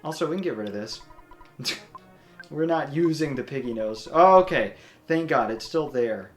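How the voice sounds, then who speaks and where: Woman host, low and lively voice, casual game commentary over faint game music. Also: moderate pace. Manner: chatty, narrates game actions to a partner. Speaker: let's play host.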